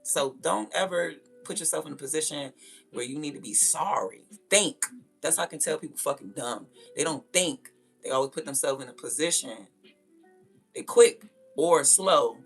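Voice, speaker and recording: A woman's voice: sits low, normal speed, faint music behind. A young woman hosting a livestream, ranting bluntly and confrontationally with lots of profanity. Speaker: livestream host. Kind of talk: casual livestream rant.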